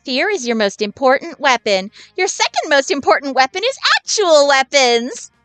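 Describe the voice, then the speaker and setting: A woman's voice: sits high, big pitch swings, moderate pace, fairly bright tone, no echo, soft background music, pitched above the performer's own voice. A woman voicing a spoiled, cruel princess who talks in a prim, sweetly menacing way.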